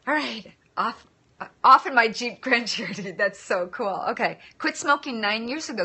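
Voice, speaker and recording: Woman, livestream host. Slightly high, bright, punchy voice. Loose, chatty phone-stream delivery with lots of asides. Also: expressive, normal speed, breathy edge. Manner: chatty, thanks viewers by name, scattered asides. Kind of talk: casual livestream chat.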